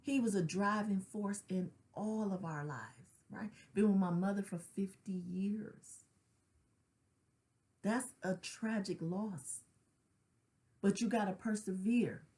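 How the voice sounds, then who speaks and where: This middle-aged woman's darkish, medium-pitched voice moves slowly as she talks earnestly about grief. A grief counselor sharing her own loss, she keeps it conversational with casual slang and repeated "right?" check-ins.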